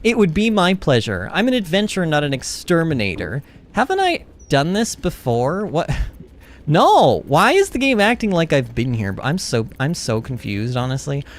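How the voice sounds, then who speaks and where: Animated young man commentating gameplay. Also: a little high, moderate pace, hardly any pauses. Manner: animated, exclaiming, thinking aloud. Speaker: gaming streamer.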